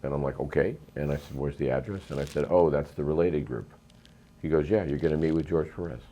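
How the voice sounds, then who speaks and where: A middle-aged real estate investor with a dark bass voice talks fast in a storytelling interview. He tells long, rambling stories emphatically, full of ums and uhs.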